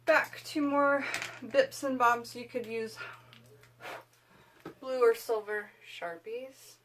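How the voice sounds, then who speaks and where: A woman's voice: fairly high pitch, takes it slowly, noisy background. A woman hosting a witchcraft video, chatting casually to camera in a rambling way with lots of fillers.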